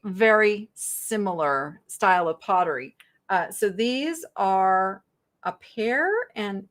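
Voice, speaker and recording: A middle-aged woman hosting a live online sale, chatting brightly with viewers and describing thrift finds. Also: medium pitch. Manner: chatty, bubbly, reads viewer chat aloud. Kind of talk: live-stream sales chat.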